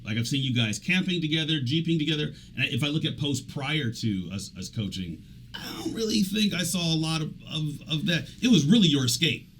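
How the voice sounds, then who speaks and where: A man's voice: fairly high pitch, very animated, fairly quick, a bit bright, a little hiss or hum, low-quality recording. A man hosting a radio talk show as an executive coach, talking casually and animatedly, often trailing off and restarting. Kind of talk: casual conversational interview.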